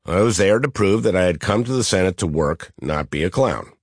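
A middle-aged man with a nasal Midwestern twang and a low, deep voice narrates his memoir as an audiobook. His delivery is dry and deadpan. The sound is close and dead, with no room echo. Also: fairly quick. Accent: Midwestern American. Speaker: senator reading his own memoir.

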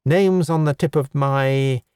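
A lofty, pompous High Elf lawyer, as a male narrator puts him on, haughty yet out of his depth. The voice sits a little higher than the reader's own and comes through close and dry. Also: takes it slowly, darkish tone, clean tone, no echo, natural voice. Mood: fretful.

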